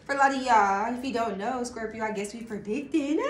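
Excitable high-voiced woman reading tarot. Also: fairly quick, echoey room. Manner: excitable, laughs often, sings snatches. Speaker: tarot reader. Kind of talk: casual tarot reading livestream.

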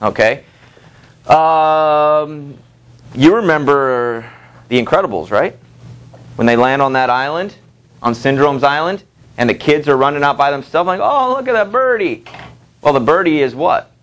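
A man's voice: fairly high pitch, measured pace, long pauses, smooth. Man, teacher, classroom lecture, conversational, reads quotes aloud. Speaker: high school literature teacher.

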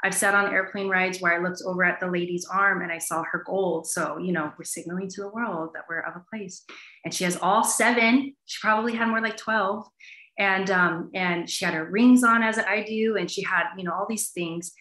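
A woman talking as an academic guest in an animated interview, with plenty of fillers. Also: mid-range voice, normal speed. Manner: animated, many fillers like "you know". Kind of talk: conversational interview answer. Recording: roomy echo.

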